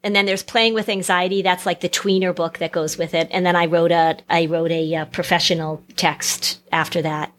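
A woman's voice: on the low side, level tone, normal speed, hardly any pauses, a bit bright. A middle-aged woman psychotherapist and author, chatting as an interview guest with self-deprecating humor and frequent restarts. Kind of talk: casual interview chat.

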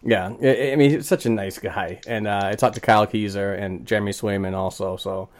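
A man's voice: lowish voice, steady tone, brisk. A man hosting a casual sports podcast, rambling with lots of fillers and restarts. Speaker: podcast host.

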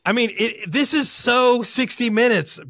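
A man's voice: very high voice, measured pace, a bit bright, dry recording. A man co-hosting a podcast, talking in a loose, rambling way, swearing freely. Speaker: podcast co-host. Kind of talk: casual podcast discussion.

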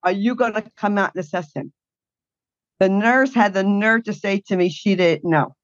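A woman's voice: mid-range voice, moderate pace, dry recording, muffled recording. A woman guest telling her caregiving story in a blunt, indignant way. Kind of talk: emotional personal account.

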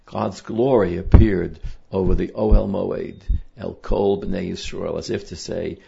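A man's voice: deep voice, fairly even intonation, a little slow, vocal fry, background noise. A man teaching a Torah portion lesson in an earnest, emphatic way, reading Hebrew verses and translating them. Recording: dull lo-fi recording.

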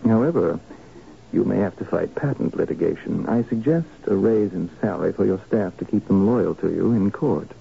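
A man playing a calm, measured business adviser in a 1970s radio drama, on a dull lo-fi broadcast recording. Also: fairly low pitch, creaky, slight background noise. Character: calm male business oracle.

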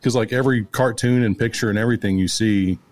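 Man, lively storyteller, fairly low voice, laughs a lot. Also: fast. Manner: animated, laughing, acts out voices in stories. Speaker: guest. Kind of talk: casual storytelling.

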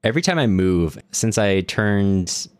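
A man with a very low, deep voice co-hosts a casual book podcast. His sound is dry and close, with no room echo. He tells dry jokes and laughs often. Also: expressive, a little slow, clean tone. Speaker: podcast co-host. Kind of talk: casual book-club chat.

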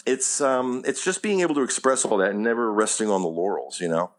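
A man's voice: on the low side, lively intonation, brisk. A man talking as an acting coach in a casual interview, rambling with lots of "you know what I mean" and casual swearing.

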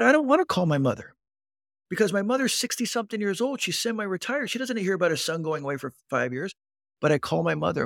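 Animated storyteller man, slightly high voice. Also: vocal fry, no room sound, clean studio sound. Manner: animated storyteller who acts out quoted voices and keeps addressing the host. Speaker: guest recounting his recovery. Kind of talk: conversational storytelling interview.

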